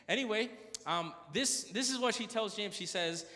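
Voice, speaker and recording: A man's voice: high-pitched, a little slow, pushed and bright, long reverb tail. A man telling stories at a church prayer meeting, chatty and joking, correcting himself as he goes. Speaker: church speaker. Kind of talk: storytelling talk at a prayer meeting. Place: church hall.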